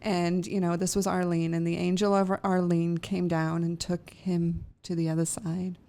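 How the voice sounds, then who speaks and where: A woman's voice: on the low side, little pitch movement, normal speed, creaky, mellow. Emotional woman telling a story. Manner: emotional, laughs often, many fillers and restarts. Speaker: podcast host. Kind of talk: casual storytelling.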